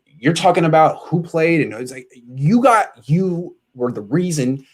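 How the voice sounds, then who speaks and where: A man's voice: a little high, expressive, a little slow. A man hosting a casual sports talk show, ranting animatedly and reading out viewer comments.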